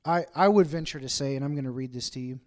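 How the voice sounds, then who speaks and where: A man's voice: mid-range voice, fast talker. A man preaching a conversational sermon to a congregation, acting out bits of everyday dialogue as he talks. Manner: chatty, acts out everyday dialogue in asides. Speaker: pastor. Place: room with a congregation.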